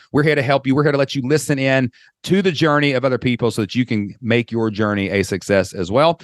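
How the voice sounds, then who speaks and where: A man's voice: medium pitch, no room sound. Kentucky guy hosting a podcast, hyped and folksy, dry close mic. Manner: enthusiastic, folksy and joking. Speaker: podcast host. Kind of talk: energetic podcast call-in chat.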